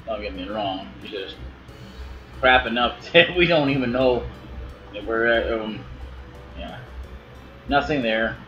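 A man's voice: fairly low pitch, a bit bright. A young man giving offhand, rambling commentary while playing a video game. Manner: rambling, offhand, mumbling asides. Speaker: let's play gamer. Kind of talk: casual gameplay commentary. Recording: dull lo-fi with game music.

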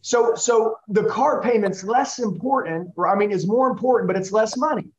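Intense high-voiced male sales coach. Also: normal speed, highs cut off. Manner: intense, coaching, repeats the listener's name. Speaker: sales trainer. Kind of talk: live sales training role-play.

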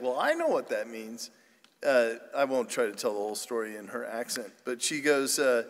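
Priest, man, higher voice, humorous sermon storyteller, reverberant church. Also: pushed and bright. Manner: chatty and self-deprecating, with many restarts. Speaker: priest giving a parish mission talk.

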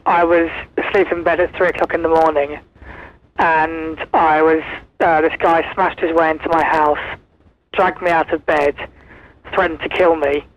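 A man calling a radio phone-in, speaking hesitantly with many pauses. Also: a little high. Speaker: caller. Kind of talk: phone-in call. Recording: muffled phone-in line.

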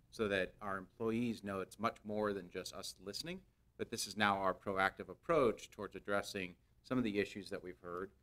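This is a company executive speaking to his board. He is a man with a fairly low voice, and he talks earnestly, doubling words and pausing on "uh" as he builds his points. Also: pushed and bright, clean tone. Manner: earnest, repeats words, hesitant fillers. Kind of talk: formal business remarks.

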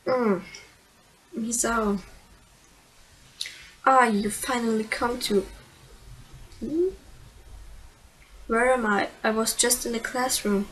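A woman's voice: fairly high pitch, steady tone, slow, pauses often, fairly bright tone, poor audio. A woman with a German accent, a let's player reading game dialogue aloud and switching between English text and German remarks, with small stumbles. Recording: game music playing behind.

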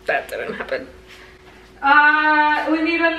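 A woman's voice: high voice, measured pace, long pauses, reverberant, recorded from a distance, very noisy. A young woman chatting casually in a cooking vlog in her kitchen, self-mocking and slipping Spanish words into her English. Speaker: vlogger. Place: home kitchen. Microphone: camera on tripod.

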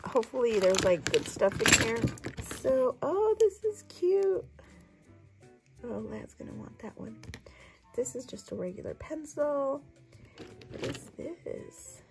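A woman with a hoarse voice from a lingering cough, gushing chattily over her thrift haul in a casual vlog. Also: fairly high pitch, expressive, unhurried, soft background music, poor audio. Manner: gushing, chatty, lots of "so pretty".

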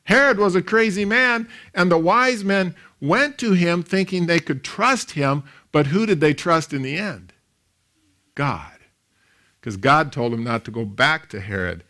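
A man, a pastor, preaching a sermon in an animated storytelling way, with big swings in loudness. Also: a little high, measured pace.

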